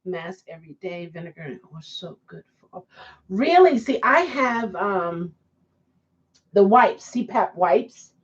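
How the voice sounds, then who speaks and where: A woman vlogger talks casually and slowly, drawing her words out. Her pitch swings widely as she keeps dissolving into giggles. The sound is slightly dull and lo-fi. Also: lively intonation. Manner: laughs often, giggling fits, slow and drawn-out. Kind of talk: casual chat to camera.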